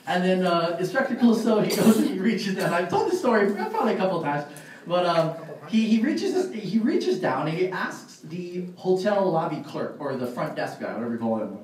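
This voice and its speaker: High-voiced man in a very echoey hall. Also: fairly quick. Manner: animated storyteller, laughs often, many fillers. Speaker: motivational speaker at a sales party. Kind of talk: live motivational speech. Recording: very echoey hall, far from mic.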